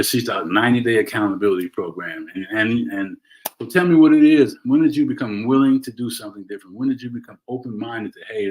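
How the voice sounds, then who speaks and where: A man's voice: lowish voice, rough recording. Earnest man giving a motivational talk. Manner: earnest, preachy, repeats "right?" and restarts. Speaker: host. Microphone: solo livestream from home.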